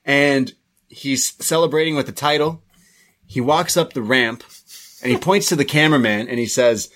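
A man's voice: mid-range voice, moderate pace, fairly bright tone. A man co-hosting a wrestling podcast, chatting casually and recapping the show with acted-out quotes. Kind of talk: casual chat.

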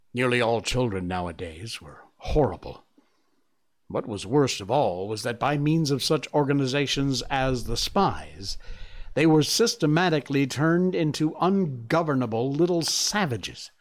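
A man hosting a casual show, chatting with animated asides, then reading a novel aloud in a quieter, measured voice. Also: mid-range voice.

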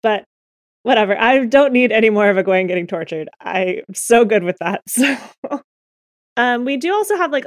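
A woman co-hosting a casual fan podcast, chatty and quick to laugh, with lots of "like". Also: mid-range voice, no echo, clean studio sound. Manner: chatty, laughs often, frequent "like". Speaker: podcast co-host.

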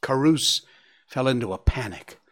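A man narrating a story aloud in an expressive audiobook style. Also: medium pitch, measured pace.

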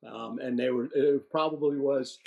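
Here a retired general, a guest in his sixties, spins lively anecdotes laced with mild profanity, often backing up to restart. He speaks at a moderate pace in a creaky mid-range voice, and the sound is lo-fi.

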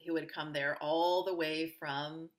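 A woman guest on an interview podcast, telling personal stories in an upbeat, animated way and acting out the voices of people she quotes. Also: low voice, a little slow. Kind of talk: conversational interview storytelling.

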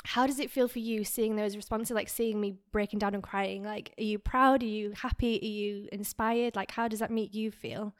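A woman's voice: medium pitch, fairly even intonation, moderate pace, hardly any pauses, smooth. A woman co-hosting a podcast, talking through an emotional story with lots of "like" and close to tears. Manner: tearful, filler-heavy storytelling. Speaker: podcast co-host.

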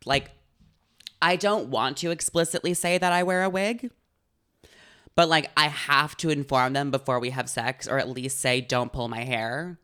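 A young woman co-hosting a podcast, telling a story in a casual, animated and dramatic way. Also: deep voice, moderate pace, clean tone. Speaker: podcast co-host. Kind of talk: casual chat.

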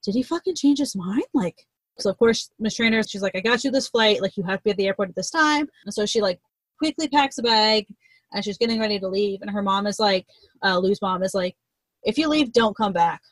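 A woman's voice: mid-range voice, a little fast, no echo, low-quality recording. A young woman in casual chat, retelling a novel's plot in a rambling way, swearing freely and acting out the characters' lines.

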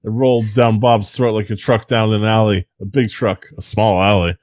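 Guy reading a story super deadpan, low voice, dry close mic. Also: moderate pace, dry recording. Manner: deadpan mock-serious narration. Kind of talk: dramatic comic reading.

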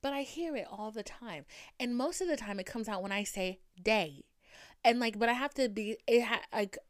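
Podcast host, woman, light Boston accent; animated, rambling and profane, with a smooth, clean voice. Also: a little high, a little fast, no echo, studio quality. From Boston area, US. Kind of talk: casual chat.

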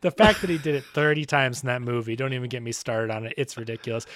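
A man's voice: medium pitch, quick pace, dry recording, clean studio sound. Chatty man co-hosting a podcast. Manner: animated, laughing, rambling. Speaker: podcast co-host. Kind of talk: casual chat.

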